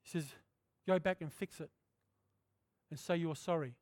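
High-voiced man preaching, dry sound. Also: moderate pace, a little mellow, no echo. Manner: candid, conversational preaching with frequent throat clearing. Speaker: pastor. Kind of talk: sermon.

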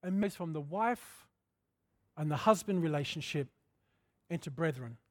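High-voiced man preaching, dry sound. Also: expressive, moderate pace, dry recording. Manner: candid, conversational preaching with frequent throat clearing. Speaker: pastor. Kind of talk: sermon.

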